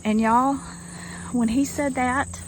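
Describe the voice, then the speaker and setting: A woman's voice: high voice, steady tone, slow pace, low-quality recording. A woman telling a story to her viewers in a folksy, drawling way, recorded outdoors in rural woods. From Arkansas. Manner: folksy, drawling, addresses listeners as y'all. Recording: faint outdoor noise. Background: crickets and insects.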